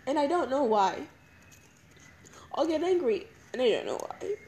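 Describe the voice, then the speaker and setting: A young woman talks through tears in a personal confessional monologue, her voice high yet mellow in tone. She halts and circles back on her words, pitch rising and falling widely. A faint hiss sits under the recording. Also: sing-song, poor audio. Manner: halting, emotional, repeats herself. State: crying. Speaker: podcast host.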